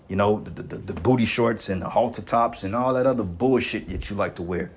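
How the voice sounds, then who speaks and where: Husky guy preaching rough and blunt, cursing a lot. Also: lowish voice, fairly quick, hardly any pauses. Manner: blunt, rough-talking, profane. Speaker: online preacher. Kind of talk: profane street-preaching rant.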